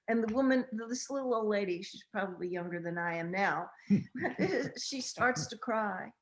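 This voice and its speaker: An older woman, a relationship counselor, telling a story in a gentle, measured and unhurried way during a group interview. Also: mid-range voice, lively intonation, roomy sound, rough recording.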